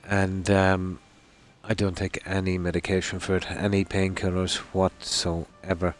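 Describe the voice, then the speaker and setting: This is a deep, level male voice offering loose live-stream commentary during a game, recorded in a room at home at night. He talks in a laid-back, rambling manner, with frequent pauses and many "you know"s.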